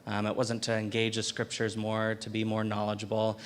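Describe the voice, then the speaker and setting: A young man giving a personal testimony in a university chapel, speaking earnestly and haltingly, often repeating words. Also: on the low side, monotone. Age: young adult. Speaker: student speaker.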